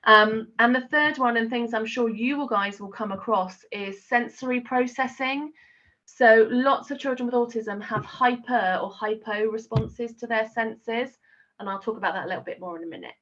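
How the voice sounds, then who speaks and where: A woman's voice: a little high, moderate pace, fairly bright tone. A middle-aged woman teacher giving a chatty, explanatory training talk, with many fillers. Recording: dull lo-fi sound.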